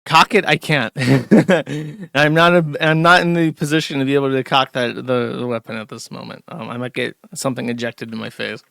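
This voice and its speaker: A man delivers loose, sneering live-stream commentary, full of ums and restarts. His voice is bright and pushy, sitting at an ordinary male pitch, and the recording is dry, with no room sound. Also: steady tone, normal speed, gravelly, dry recording. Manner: mocking, sarcastic, rambling with many fillers. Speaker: streamer host.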